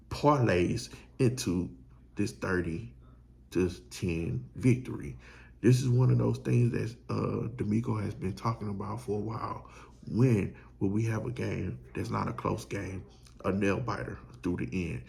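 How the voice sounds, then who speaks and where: Man, sports host, gravelly low voice, pumped and preachy. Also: a little mellow. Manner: hyped, preachy fan talk with slang. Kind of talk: fired-up sports talk.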